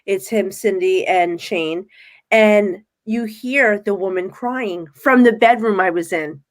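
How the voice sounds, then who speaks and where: A woman tells her story as a podcast guest, mid-pitched and chatty. She jumps into little voices for the people in her tale, keeping a casual, excited flow. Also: takes it slowly. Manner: animated storyteller, acts out her own quotes. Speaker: guest medium.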